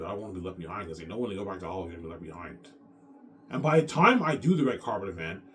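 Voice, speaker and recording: A man's voice: sits low, fairly bright tone. A man in a rambling, boastful monologue who keeps repeating himself and tacks "man" onto his sentences. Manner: repetitive, boastful, peppers speech with "man". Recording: faint noise, mic at a distance.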